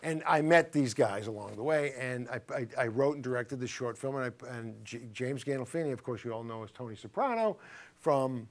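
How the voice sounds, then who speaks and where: A man's voice: mid-range voice, fairly quick. A middle-aged man from Somerville, a guest actor telling stories on a casual talk show. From Somerville, Massachusetts. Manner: animated storyteller, mimics voices in anecdotes.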